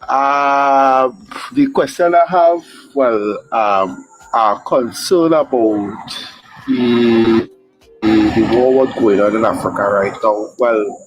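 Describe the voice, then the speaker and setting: A man's voice: medium pitch, slow, faint music behind, poor audio. A man from Trinidad with a Trinidadian accent, calling into a casual live stream and speaking hesitantly with many fillers and restarts. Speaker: caller.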